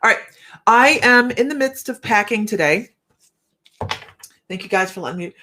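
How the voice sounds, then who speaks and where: A woman's voice: a little high, animated, normal speed, pushed and bright. A chatty woman hosting a casual live tarot stream. She talks to her viewers by name and laughs easily between cards. There is a faint hiss and some clicking behind her voice.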